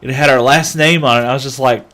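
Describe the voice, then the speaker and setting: A man streaming a game, chatting with viewers and telling a long anecdote in a casual, animated way. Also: medium pitch, fast. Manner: chatty, animated storyteller who talks to chat. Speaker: gaming livestreamer. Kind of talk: casual chat and storytelling while gaming.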